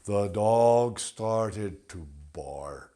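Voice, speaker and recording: A man telling a folktale for an audience, animated and deliberate, slipping in Spanish phrases. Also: on the low side. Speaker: storyteller. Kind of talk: bilingual folktale storytelling.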